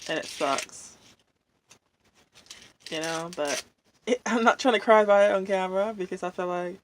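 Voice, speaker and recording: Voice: medium pitch, a little hiss or hum. A vlogger, chatting casually while eating at home, venting in a rambling way full of fillers. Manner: rambling, drawn-out, many fillers. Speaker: mukbang vlogger.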